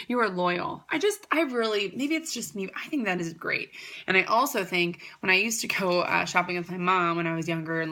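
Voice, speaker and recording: A young woman pitching her greeting card business to the camera in a chatty, upbeat way, rambling with fillers and restarts. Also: pushed and bright, slight background noise. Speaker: card company founder. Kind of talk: casual product pitch to camera.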